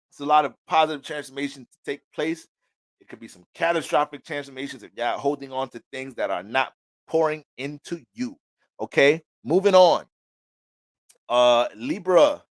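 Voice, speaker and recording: A male astrologer talks through a casual reading in an animated, preachy way, swearing freely. His voice sits somewhat high and sounds dry, close and free of room echo.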